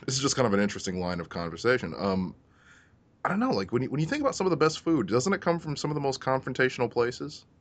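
A man hosting a podcast in casual chat, wry and halting, often repeating himself and laughing. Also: mid-range voice, lively intonation. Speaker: podcast host.

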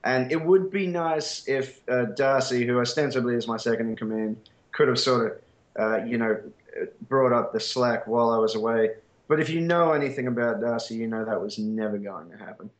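A man's voice: mid-range voice, moderate pace. An Australian man chatting as a podcast guest, rambling and wry, poking fun at himself with lots of ums and uhs. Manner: rambling, wry and self-mocking, with many fillers. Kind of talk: casual chat. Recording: roomy echo.

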